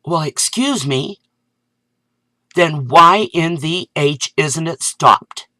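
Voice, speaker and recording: A woman vlogger delivering an indignant, sarcastic rant that climbs into loud exasperation. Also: low voice, takes it slowly, dry recording. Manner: sarcastic asides. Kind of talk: ranting video commentary.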